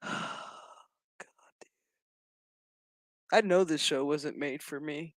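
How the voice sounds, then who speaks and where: Streaming to his chat, a man gives a casual, crude reaction review of a show, recounting scenes with sass, profanity and exaggeration. His voice leans high and unhurried, with no room sound in the recording.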